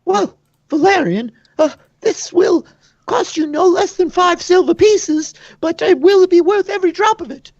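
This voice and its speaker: A man's voice: very high-pitched, lively intonation, measured pace, dry recording, pitched above the performer's own voice, full character voice. A man voicing a gushing, bossy middle-aged woman who keeps a tavern in a tabletop game. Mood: amazed. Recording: dull lo-fi sound.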